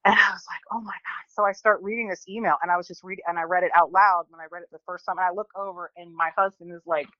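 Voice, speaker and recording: A woman in her forties, a guest telling a personal story in an animated, chatty way, often restarting and quoting people. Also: on the low side, quick pace, hardly any pauses, no echo, lo-fi sound. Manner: chatty, animated, many restarts and quoted voices.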